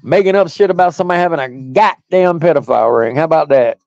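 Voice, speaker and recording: A man's voice: fairly high pitch, fast talker, gravelly, darkish tone, no room sound, highs cut off. Profane, mocking man ranting on stream. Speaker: stream host. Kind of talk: ranting monologue.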